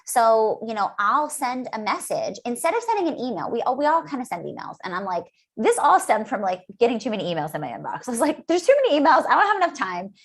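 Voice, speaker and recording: A woman's voice: a little high, very animated, quick pace, few pauses, breathy edge. A woman guest on a podcast, talking in a chatty, enthusiastic way with lots of fillers and acted-out asides. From United States. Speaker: guest speech-language pathologist. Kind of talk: casual podcast interview.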